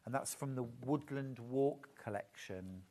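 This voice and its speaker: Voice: medium pitch, measured pace, warm tone. A presenter showing off fabric bundles live, gushing and admiring in a chatty way. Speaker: shopping channel presenter.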